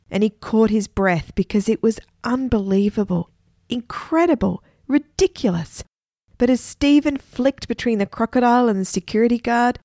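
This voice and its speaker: Woman reading a kids story, expressive, super dry close sound. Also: medium pitch, no echo. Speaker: narrator.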